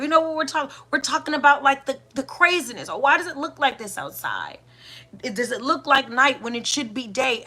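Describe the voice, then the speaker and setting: A woman, a doula and mother, hosting a reflective spiritual monologue, asking many rhetorical questions with pauses and restarts. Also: fairly high pitch, sharp tone. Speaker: podcast host and doula.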